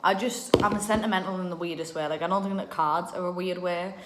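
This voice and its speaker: A woman's voice: fairly low pitch, steady tone, brisk. A young woman, chatting casually and rambling as she goes through keepsakes at home. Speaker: vlogger. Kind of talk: casual chat. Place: her own home, a bedroom. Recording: roomy with faint noise.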